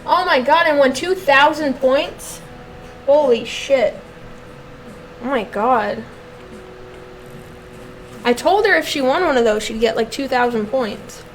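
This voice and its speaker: A young adult woman streamer chatting casually while she plays, ranting with heavy swearing and switching to soft baby talk with her dog. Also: sits high, animated, takes it slowly, pauses often, soft background music, poor audio. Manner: exasperated, heavily profane ranting. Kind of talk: casual live-stream chat.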